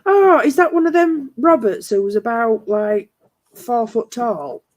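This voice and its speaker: A woman's voice: fairly high pitch, animated, unhurried. A woman hosting a casual chat, teasing and swearing freely. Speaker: host.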